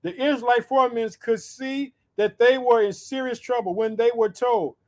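A man's voice: very high-pitched, fairly even intonation, normal speed. A male preacher teaching from the Bible in a sermon, exhorting his listeners with frequent rhetorical questions and bursts of interjection. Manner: punctuates with interjections.

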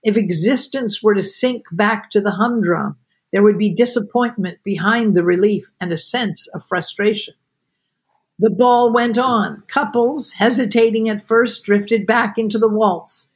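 A woman podcast host reading aloud from a novel with expressive, measured delivery. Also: mid-range voice, slightly rough.

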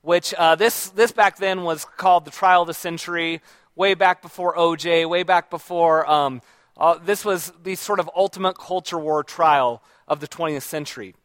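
Man in his own voice, high-pitched, dry close sound, loose conversational lecturer who quizzes the room. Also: fairly even intonation, normal speed, fairly bright tone, no room sound. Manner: conversational, with frequent fillers and restarts; checks in with the audience by asking questions. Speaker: speaker giving a talk to an audience. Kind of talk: informal lecture. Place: room with a live audience.

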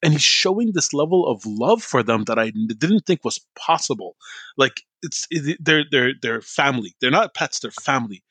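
Husky and mid-range, this man's voice moves at a moderate pace on a dry recording. He's a podcast co-host of Iraqi heritage who grew up outside Iraq, animatedly narrating a story in relaxed conversation and voicing each person in it.

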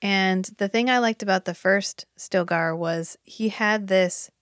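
A woman co-hosting a casual chat podcast, opinionated and animated, swearing now and then as she talks. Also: medium pitch, unhurried, dry recording, studio quality. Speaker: podcast co-host.

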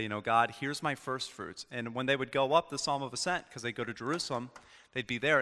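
A man giving an informal sermon to a group, casual and chatty, telling stories and acting out little exchanges. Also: mid-range voice. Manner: casual, chatty, animated storytelling. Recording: long hall reverb.

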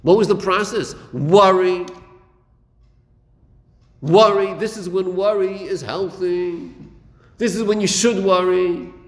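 With a steady, high-pitched voice at a measured pace, this man teaches Chasidic texts as a Torah teacher, performing the dialogue and saying his phrases more than once. Long reverb from an echoey room surrounds the recording.

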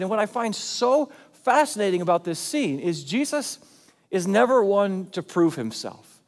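A man preaching a sermon as pastor, in a conversational, animated way. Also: high voice, normal speed, big-room sound. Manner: conversational and animated, acting out quotes.

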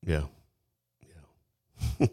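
A man's voice: extremely slow, warm tone, no room sound, studio quality. A man in casual chat who mostly chimes in with short agreements and laughs.

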